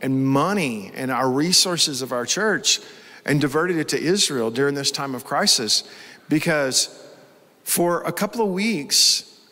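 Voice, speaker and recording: A man's voice: on the high side, lively intonation, a little slow, pushed and bright, big-room sound. A man preaching a sermon as pastor, telling a story with strong emotion. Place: church hall with live congregation.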